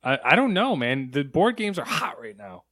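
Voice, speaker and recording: A man's voice: a little high, big pitch swings, moderate pace, bright, forceful tone, no room sound, clean studio sound. A man co-hosting a gaming news show, reading stories and trading easygoing banter.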